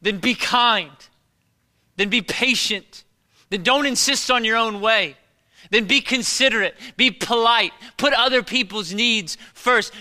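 A man preaching a sermon as a pastor, moving between loud, repeated exhortations and hushed, quiet storytelling. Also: high-pitched. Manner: repetitive preaching cadence.

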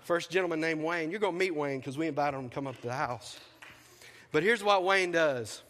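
Animated high-voiced pastor in a hall. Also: male voice, a little fast, a little hiss or hum. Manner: animated storyteller acting out dialogue. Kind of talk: storytelling sermon. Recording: long hall reverb.

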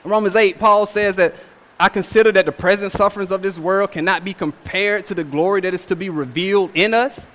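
A man's voice: high voice, steady tone, fairly quick, fairly bright tone. A man in his twenties preaching a sermon, emphatic and repetitive, often checking in with "all right?". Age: 20s. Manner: emphatic, repeats phrases with rhetorical "all right?". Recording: long hall reverb.

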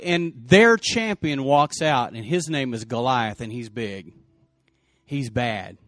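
A male pastor preaching a sermon, telling the story in lively, casual slang and acting out the people's lines. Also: a little high, no room sound, studio quality.

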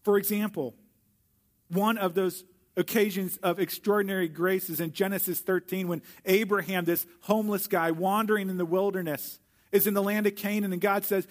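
Male preacher, fairly high voice, earnest sermon delivery with slow, stressed repetitions. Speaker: pastor.

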